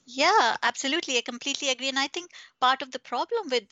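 A woman's voice: high-pitched, expressive, fast, pushed and bright, no echo, lo-fi sound. A woman author answering interview questions in an earnest, reflective way, building her points step by step.

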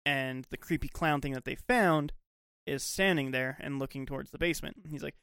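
Animated young man, smooth voice. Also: mid-range voice, a little fast, no echo, studio quality. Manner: animated, acts out quotes, swears. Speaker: podcast co-host. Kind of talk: casual chat, retelling scenes.

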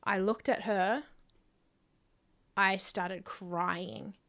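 A woman's voice: medium pitch, very slow, creaky. Casual, swearing woman co-host. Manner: animated storytelling, swears freely. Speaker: podcast co-host. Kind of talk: casual chat.

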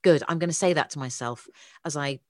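Low-voiced lady guest, really enthusiastic, jokes about herself, dry close sound. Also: fairly quick, a little mellow, no room sound. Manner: enthusiastic, self-deprecating, emphatic repeats. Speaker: guest author. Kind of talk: casual chat.

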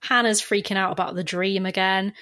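A woman's voice: mid-range voice, steady tone, brisk, bright, forceful tone. A woman co-hosting a podcast, recapping a film in wry, casual chat. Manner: chatty, wry, summarizing plot with dry jokes. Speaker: podcast co-host.

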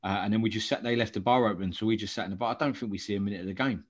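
A man's voice: lowish voice, steady tone, rapid-fire. A man telling laughing stories about football away days in casual podcast chat. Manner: laughing storyteller, swearing, blokey slang. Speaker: podcast co-host.

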